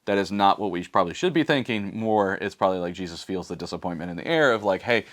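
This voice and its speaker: Laid-back pastor with a low voice. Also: male voice, lively intonation, fast talker, fairly bright tone. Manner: casual and conversational, with frequent fillers and slang. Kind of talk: scripture reading and informal devotional reflection.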